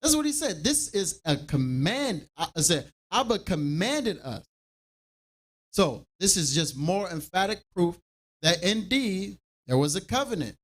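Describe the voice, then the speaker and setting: This scripture teacher has a high-sitting voice and speaks at a moderate pace. His preaching is animated, and he acts out daily-life dialogue to make each point.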